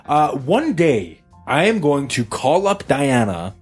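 A man hosting a podcast, telling a rambling story in an animated, joking way. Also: a little high, takes it slowly, slightly rough, faint music behind. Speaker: podcast host. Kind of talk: casual chat.

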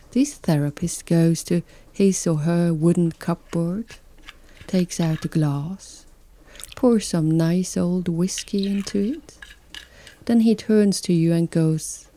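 Slow, mellow-voiced reflective woman. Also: lowish voice, no room sound. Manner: slow, calm and reflective, with soft whispered asides. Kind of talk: reflective spoken narration.

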